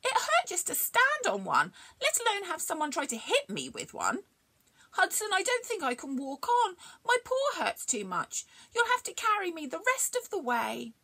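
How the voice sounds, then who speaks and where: A woman voicing a curious, energetic young female dog in a storybook reading. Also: very high-pitched, moderate pace, voice pushed up, full character voice. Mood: eager. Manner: inquisitive, bouncy.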